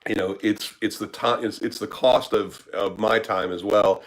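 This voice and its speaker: A man's voice: fairly low pitch, fairly even intonation, moderate pace, rough recording. A man who works as a startup business consultant, answering questions in a casual live Q&A, blunt and profane with lots of filler words.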